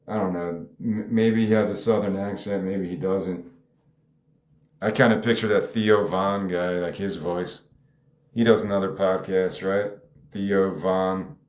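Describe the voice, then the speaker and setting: A man's voice: low-pitched, steady tone, measured pace, darkish tone. A man casually talking through his own screenplay, musing aloud and rambling with frequent hedges. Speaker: screenwriter discussing his script. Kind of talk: casual solo commentary. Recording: echoey room.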